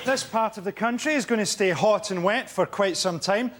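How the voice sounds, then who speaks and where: A man on a comedy panel show delivering deadpan one-liners with speech. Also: high-pitched, normal speed, a faint crowd. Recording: studio audience laughter and noise.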